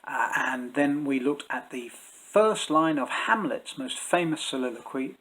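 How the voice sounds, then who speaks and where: A man teaching Shakespeare's verse in a measured, explanatory way, pausing to think as he goes. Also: fairly high pitch, lively intonation, a bit bright, breathy edge, low-quality recording. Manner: measured and explanatory, with thoughtful pauses and fillers. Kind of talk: spoken lesson to camera.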